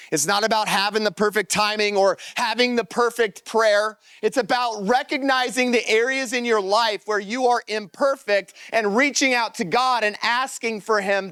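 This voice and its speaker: A pastor preaching a lively sermon to his congregation, reading scripture aloud and acting out the story. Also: high voice, clear, resonant tone, no room sound. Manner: animated, energetic preaching to a congregation. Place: church service.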